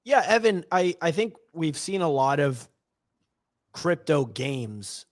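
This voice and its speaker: Higher-voiced male co-host asking questions. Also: big pitch swings, takes it slowly, no room sound, clean studio sound. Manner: chatty, questioning, reading comments. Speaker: podcast co-host. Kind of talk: casual podcast interview.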